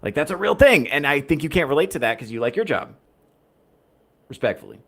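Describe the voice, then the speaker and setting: A man's voice: a little high, big pitch swings, fairly quick, a bit bright. A man hosting a casual livestream podcast, rambling through viewer chat in a wry, profane way. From United States. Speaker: podcast host reading chat.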